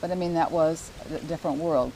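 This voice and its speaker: Older woman, earnest host chat, mellow low voice, faint hiss. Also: brisk, low-quality recording. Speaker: real estate show host. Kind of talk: casual promotional chat.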